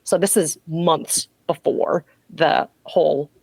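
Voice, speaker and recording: A woman hosting a podcast, talking through a story in a casual, gossipy way with wry humor. Her voice sits a bit low. The sound is dry, with no room echo. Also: steady tone, slow pace, a little mellow, slightly rough. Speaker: podcast host.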